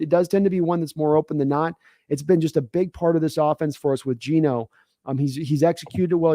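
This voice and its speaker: Animated male sports-show host, dry sound. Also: a little high, dry recording. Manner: animated, quick restarts and repeated words. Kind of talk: casual sports talk.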